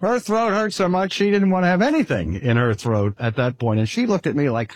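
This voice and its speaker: An older man giving an earnest sermon and slowing down to stress key phrases. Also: fairly high pitch, sing-song, no echo. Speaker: preacher.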